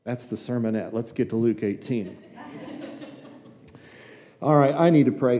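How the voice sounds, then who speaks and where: A man's voice: mid-range voice, unhurried, long pauses, dark tone, in a large hall. An older man giving a conversational sermon as a guest preacher in a church, chatty and folksy, acting out little dialogues with asides. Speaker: guest preacher, district superintendent. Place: church sanctuary.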